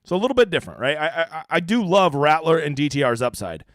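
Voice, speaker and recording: A man's voice: fairly high pitch, expressive, fast talker, a bit bright, no room sound, clean studio sound. Profane, joking man hosting a stream. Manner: profane, joking, rambling with many fillers. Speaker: livestream host answering chat. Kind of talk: casual livestream chat.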